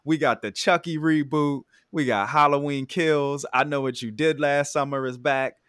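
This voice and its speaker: A man hosting a casual podcast chat in a relaxed, laid-back way. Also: a little high, normal speed, clean tone, dry recording, studio quality. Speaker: podcast host.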